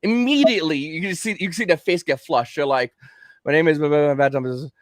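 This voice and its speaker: Animated man with a dry close voice. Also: on the high side, fast, no echo. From Kentucky. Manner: animated storytelling, acts out quotes. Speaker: livestream guest. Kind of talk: casual chat.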